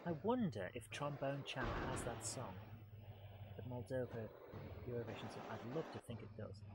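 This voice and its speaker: Animated and at normal speed, a medium-pitched man streams a game live and chats with his audience, casual and self-mocking. Underneath, the game's engine and vehicle sounds make the recording noisy.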